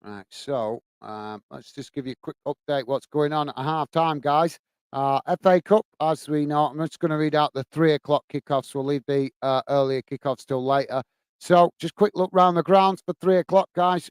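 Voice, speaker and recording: A man from the UK hosts a football fan live stream in an easygoing, chatty way. He calls everyone "mate" and fills his pauses with "uh". His voice sits a little high and comes through smooth and clear in a dry, close room. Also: dry recording. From United Kingdom. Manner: chatty, says "mate" a lot, many fillers. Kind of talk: casual live chat reading comments and scores.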